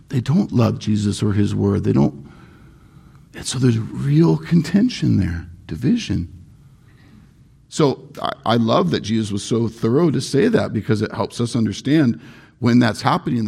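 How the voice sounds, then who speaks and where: Gravelly-voiced male pastor preaching earnestly. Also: medium pitch, mellow. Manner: earnest, emphatic preaching with repetition. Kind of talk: sermon.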